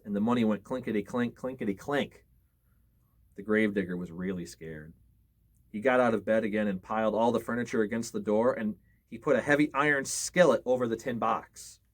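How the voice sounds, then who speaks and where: A man reading a spooky storybook aloud, with expressive pacing and the odd stumble that he corrects. His tone drops low and hushed at the tense moments. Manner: expressive reading with small slips. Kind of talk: reading scary stories aloud.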